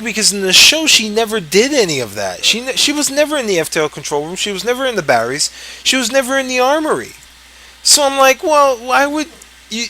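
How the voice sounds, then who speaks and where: Tired man, high bright voice, swearing rant about game rules, lots of restarts. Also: a little hiss or hum, low-quality recording. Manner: profane, exasperated, rambling with many restarts. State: tired late at night. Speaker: board game player ranting. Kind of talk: casual ranting commentary.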